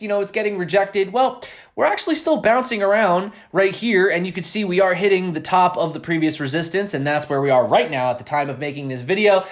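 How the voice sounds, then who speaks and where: A young man hosting a crypto news channel, chatting casually and talking straight to his viewers. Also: high voice. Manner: chatty, addresses viewers directly.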